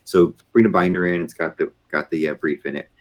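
A middle-aged man, a podcast guest, telling a long anecdote in a casual, animated way, with many fillers and frequent laughs. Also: deep voice, fairly quick. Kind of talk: casual storytelling.

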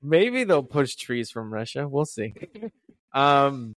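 A young man in casual podcast chat, relaxed and joking, often murmuring agreement. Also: medium pitch, slow pace, dry recording, clean studio sound. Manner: laid-back, joking, frequent agreeing murmurs.

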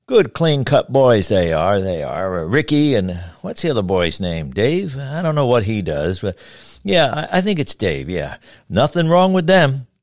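A man's voice: medium pitch, big pitch swings, measured pace, no echo, studio quality, pitched above the performer's own voice. A man voicing a chatty small-town barber who rambles and repeats himself.

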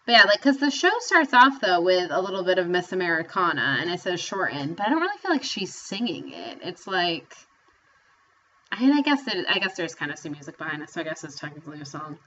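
A woman co-hosting a casual book-chat podcast, chatty and quick to laugh. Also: fairly low pitch, highs cut off. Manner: chatty, laughs often, animated. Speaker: podcast co-host.

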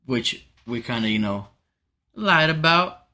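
A man casually telling a rambling story among friends, animated and profane, slipping into Spanish now and then. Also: mid-range voice, a little slow. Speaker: podcast co-host telling a story.

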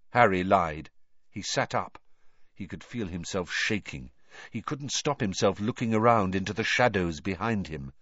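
A low-voiced man reading a storybook aloud, with a lively, swinging delivery. He tells it with dramatic expression. The recording is dull and dry. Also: normal speed, no echo. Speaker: audiobook narrator. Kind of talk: scripted narration.

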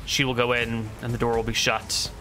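A man's voice: medium pitch, monotone, moderate pace, sharp tone, faint music behind. A man narrating a tabletop game as game master, with a dry, teasing manner.

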